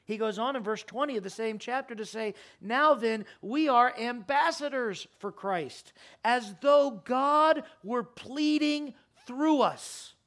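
A man preaching a sermon in a church, impassioned, his voice climbing high and loud, then sinking to a quiet, earnest plea. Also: takes it slowly, hardly any pauses. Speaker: pastor. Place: church sanctuary.

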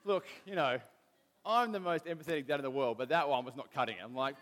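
A man's voice: mid-range voice, quick pace, fairly bright tone, big-room sound. A man, preaching a casual sermon with stories from home, often restarting his sentences. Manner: conversational, self-deprecating, restarts often.

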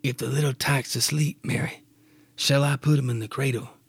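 A man playing a stern, superstitious farmer husband with a gravelly voice and a put-on Scottish accent. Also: medium pitch, fairly even intonation, moderate pace, no room sound. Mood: earnest. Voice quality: gravelly, raspy.

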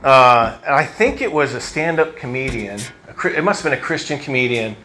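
A man's voice: medium pitch, lively intonation, a little fast, sharp tone, a little hiss or hum. A man preaching a sermon in a church, in a conversational, reflective way that thinks aloud with fillers and restarts. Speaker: pastor.

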